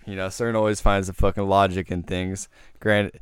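A deep-voiced young man tells a ghost story to his friends in a loose, rambling, profane way. His voice is smooth and sits close to a dry mic. He goes hushed when the story turns eerie. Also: level tone, normal speed, no echo. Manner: rambling, heavy swearing, hushed when telling the eerie part. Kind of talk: casual storytelling.

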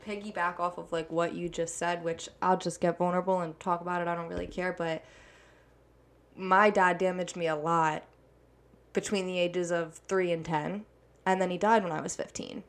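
A young adult woman, a hair stylist, speaking openly and from the heart in a conversation, her words coming in quick rushes. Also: fairly low pitch, level tone. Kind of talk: candid conversation.

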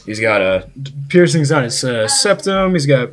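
A man's voice: mid-range voice, sing-song, moderate pace, fairly bright tone. A young man in casual podcast chat, telling a long story full of fillers and restarts. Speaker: podcast host.

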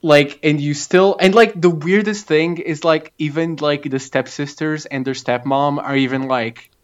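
A man's voice: fairly high pitch, unhurried. Young man co-host, slightly muffled. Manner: relaxed, critical, lots of "like" fillers. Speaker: podcast co-host. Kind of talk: casual chat. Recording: slightly dull, lo-fi sound.

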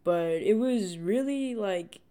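A man's voice: high-pitched, lively intonation, slow pace, dark tone, smooth. A young man hosting his own podcast, talking in a loose, rambling monologue full of "like" and "you know.". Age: young adult. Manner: chatty, heavy on "like" and "you know" fillers. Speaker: podcast host. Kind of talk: casual solo podcast monologue.

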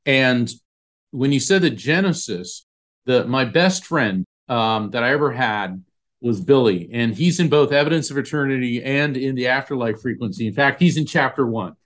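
A man's voice: mid-range voice, animated, normal speed, fairly bright tone. A man, an author being interviewed, telling a personal story in an earnest, emotional way with frequent restarts. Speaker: author and podcast guest.

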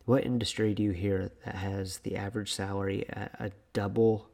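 A man's voice: lowish voice, level tone, moderate pace, gravelly, darkish tone. A young man hosting his own podcast, talking alone in a rambling, self-deprecating way. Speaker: podcast host. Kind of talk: casual solo podcast monologue.

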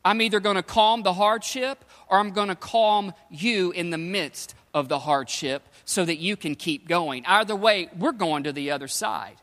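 A man's voice: sits high, normal speed, hardly any pauses, a bit bright, long reverb tail. A man preaching a sermon, retelling scripture in casual, slangy storytelling. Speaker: pastor.

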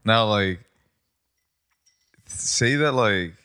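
A man's voice: lowish voice, animated, very slow, pushed and bright, smooth. A man in casual chat as a podcast co-host, giving laid-back reactions and crude jokes.

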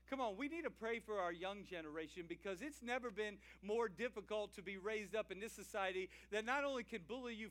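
Cajun pastor, high voice, lively call-and-response preaching. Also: male voice. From Louisiana. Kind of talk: sermon. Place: church.

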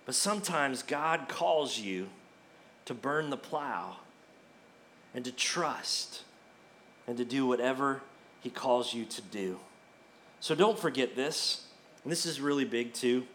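A man's voice: mid-range voice, lively intonation, slow pace, pauses often, a bit bright, slight background noise. A middle-aged man preaching a sermon as pastor, emphatic and repeating his key phrases.

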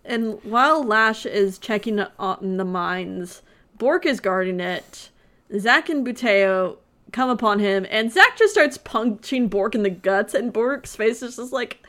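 A woman's voice: mid-range voice, lively intonation, a little slow, fairly bright tone. A woman co-hosting a podcast, retelling a movie plot in casual chat with sarcasm and frequent laughter. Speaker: podcast co-host.

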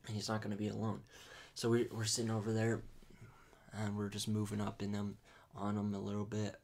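A man telling a hunting story in a casual chat, animated and laughing, full of "dude" and "like". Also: on the low side, a little fast, gravelly, slight background noise. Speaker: podcast host.

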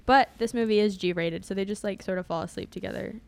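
A woman with a gravelly edge in her voice chats through a movie recap. Her pitch sits in the middle, and she talks in a wry, loose way, breaking into laughs. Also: fast. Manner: chatty, wry, laughs often. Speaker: podcast co-host. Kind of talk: casual movie recap chat.

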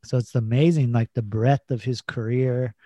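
A man's voice: medium pitch, fairly even intonation, normal speed, mellow, no echo, muffled recording. A man co-hosting a podcast in casual chat, laid-back, swearing and laughing as he tells stories, full of "like" and "you know". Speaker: podcast co-host.

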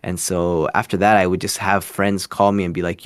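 A young man from Canada tells a story in a rambling way, restarting sentences and filling pauses. His voice sits a little low and the sound is dry and close, with no room around it. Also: flat delivery, smooth, no echo. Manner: rambling, many restarts and fillers. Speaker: guest, scambaiter. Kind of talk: casual storytelling interview.

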